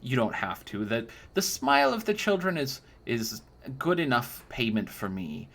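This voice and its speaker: A game master voicing a sweet, doting old woman who sells cakes in a tabletop game, coaxing and full of drawn-out "oh"s. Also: mid-range voice, wildly swooping pitch, gravelly, fairly bright tone, heavily acted. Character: sugary, doting old woman cake seller. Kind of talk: tabletop game role-play.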